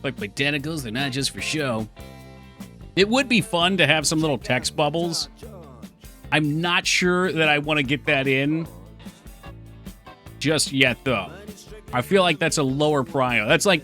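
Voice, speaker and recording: A man's voice: on the high side, unhurried, pauses often, sharp tone. A man chatting casually on a live stream while working on his game, thinking aloud and answering chat. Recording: faint music behind voice.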